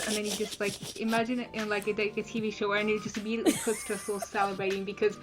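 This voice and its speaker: A woman's voice: mid-range voice, little pitch movement, very fast, hardly any pauses, music in the background, low-quality recording. A young woman hosting a fan podcast in casual chat, thoughtful and analytical, hedging her points with many fillers. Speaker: podcast host.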